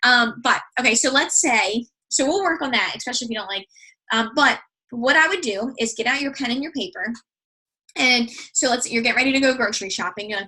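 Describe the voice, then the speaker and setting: Upbeat woman coach rambling thru a food list, kinda high bright voice, lots of ums and likes. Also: expressive, fairly quick, low-quality recording. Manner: chatty and upbeat, rambling with many fillers and restarts. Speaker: fitness and nutrition coach. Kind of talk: casual instructional talk.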